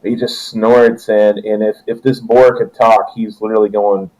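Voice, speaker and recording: A man's voice: fairly low pitch, flat delivery, normal speed, darkish tone, rough recording. A young man running a tabletop game as its game master, joking and laughing through loose narration.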